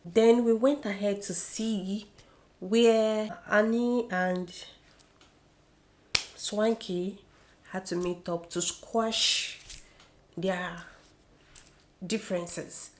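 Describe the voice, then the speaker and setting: A woman's voice: medium pitch, drawn-out words, pauses often, slight background noise. A young woman vlogging about a reality show in an opinionated, gossipy chat. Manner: chatty, opinionated, animated gossiping. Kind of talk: casual chat.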